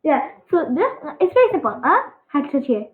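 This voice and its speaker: A woman giving a casual pronunciation lesson on letter sounds, halting and full of fillers, encouraging her students. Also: high voice, big pitch swings. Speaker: Arabic alphabet teacher. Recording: echoey, tinny phone-like sound.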